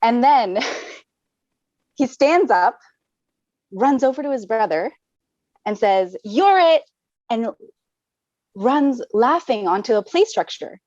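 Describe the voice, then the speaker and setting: Mom telling a story on a webinar, earnest, lots of "like", muffled dry call audio. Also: female voice, fairly high pitch, lively intonation, slow, pauses often, a little mellow, no echo. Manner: earnest, uses "like" often. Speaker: webinar guest. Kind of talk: personal storytelling. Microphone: video call.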